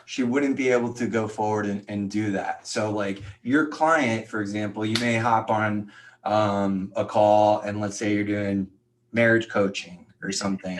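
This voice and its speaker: A man's voice: lowish voice, fairly even intonation, moderate pace. A man on a live group coaching call who talks casually, fills his speech with "like", and prays aloud. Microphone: video call.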